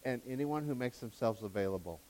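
Excitable guy preaching a sermon, gets loud then drops to quiet asides, laughs at himself. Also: mid-range voice, brisk. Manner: laughs at his own jokes, backpedals on his phrasing.

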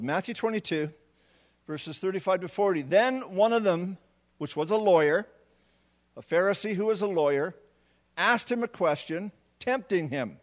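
Slow-preaching man with a raised pitch. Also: big-room sound. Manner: building to emphatic, drawn-out words on key points; repeats words as he restarts phrases. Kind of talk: sermon.

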